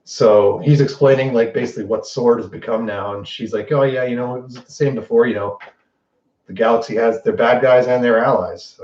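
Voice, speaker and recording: A man's voice: medium pitch, a little fast, slight background noise. A man hosting a show, giving an unscripted and profane recap of a TV episode and acting out the characters' lines as he goes. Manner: animated and profane, acts out quotes. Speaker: host. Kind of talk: casual spoiler recap. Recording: distant roomy dull lo-fi mic.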